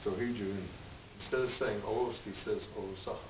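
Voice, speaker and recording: A man's voice: on the low side, steady tone, brisk. A man in a class, asking the teacher curious, hesitant questions. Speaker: student. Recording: distant echoey lo-fi classroom recording with noise.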